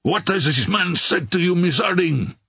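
A man's voice: high-pitched, lively intonation, normal speed, gravelly, husky, dry recording, voice pushed up, heavily acted. A man voicing an angry young male ship's mate who barks orders and threats. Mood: indignant. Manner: shouting orders.

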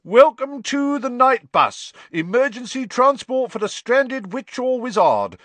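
A man voicing a cheeky, brash young wizard bus conductor with loud, rough working-class speech. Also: very high voice, very animated, a little slow, dry recording, pitched above the performer's own voice, exaggerated voice. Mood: showy. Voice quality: broad dropped-letter working-class speech.

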